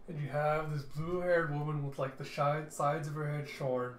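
A man's voice: on the high side, a little hiss or hum. Man narrating a comic, roomy echo. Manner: animated, chuckling storyteller. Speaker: comic book reviewer. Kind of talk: casual comic readthrough narration.

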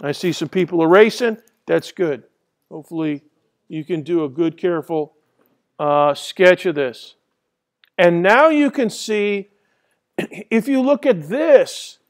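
Male lecturer, high-pitched, loose and chatty with lots of ums. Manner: rambling and conversational, many fillers and restarts. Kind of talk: classroom lecture. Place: lecture hall.

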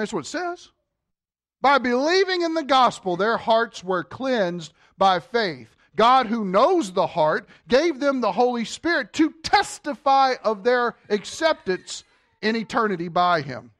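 A male pastor preaching a sermon, quizzing the congregation and dropping to a quiet voice for emphasis. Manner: animated, asks the congregation questions; drops to a low, quiet voice for emphasis. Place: church sanctuary.

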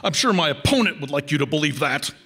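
A man's voice: fairly high pitch, lively intonation, fast, bright, forceful tone, slightly rough, heavily acted. A man reading a pompous hologram president. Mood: stately evasive. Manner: pompous, speechmaking. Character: hologram male president, stately and evasive.

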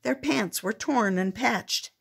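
Husky grandmother reading a storybook. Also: on the high side, takes it slowly. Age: older. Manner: expressive storybook narration. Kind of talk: reading a picture book aloud.

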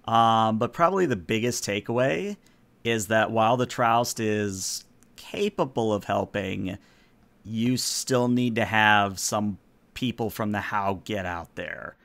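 A man's voice: fairly low pitch, slow pace, gravelly, fairly bright tone. Rambling male game master. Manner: rambling, full of ums. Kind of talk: casual chat running a tabletop game stream.

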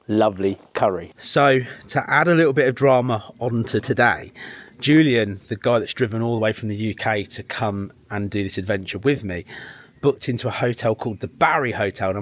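A man's voice: medium pitch, dry recording. Man, casual vlog, jokey, chatty. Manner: jokey, chatty, laughs often. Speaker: motorcycle vlogger.

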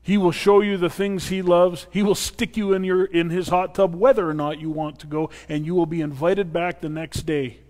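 Earnest pastor in a reverberant church. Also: male voice, sits high, fairly even intonation, moderate pace, few pauses, a little mellow. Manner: earnest and personal, with playful asides. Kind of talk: sermon. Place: church sanctuary. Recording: long reverb of a church hall.

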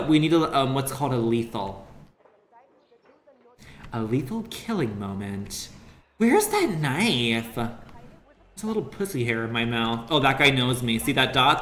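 A man's voice: medium pitch, bright, forceful tone. A young adult man doing casual, crude, rambling commentary while streaming a game. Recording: roomy echo with faint ambient noise.

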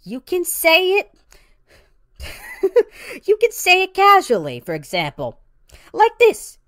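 A woman's voice: very high-pitched, wildly swooping pitch, takes it slowly, fairly bright tone, dry recording, clean studio sound, full character voice. A woman playing a brash, foul-mouthed female pizzeria boss who lectures trainees in a profane, rambling comedic monologue full of "you know" and calls the listener sweetie or honey.

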